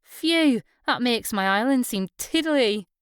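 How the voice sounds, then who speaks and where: A woman reading a bright young island woman with a sing-song lilt, eager and friendly. The voice sits a little high and rings smooth and clear. It is close and dry, with no room sound. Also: animated, slow pace, no echo. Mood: curious.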